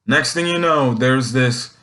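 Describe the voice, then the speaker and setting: A man talks through a comic chapter off the cuff, circling back on his sentences and padding them with fillers. His voice sits at an ordinary middle pitch for a man, with nothing forced about it. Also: measured pace, bright, forceful tone. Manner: rambling, leans on "um" and "essentially". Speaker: manga chapter reviewer. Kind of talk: casual unscripted recap.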